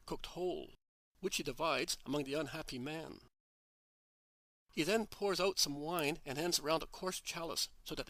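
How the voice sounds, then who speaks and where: A man narrating a religious story in a steady, measured reading. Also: fairly high pitch, no echo.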